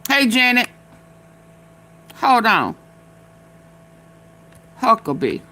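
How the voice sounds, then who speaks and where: A woman's voice: on the high side, sing-song, very slow, bright, forceful tone. A woman hosting a casual live stream, talking back at video clips with sassy, loose slang.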